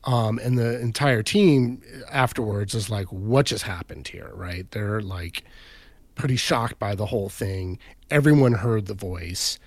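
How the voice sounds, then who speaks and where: A man's voice: on the low side, a little slow, no echo. A man casually retelling a story on a podcast, rambling, with lots of "like" and "right?" fillers. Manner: rambling, filler-heavy, says "right?" and "like" often.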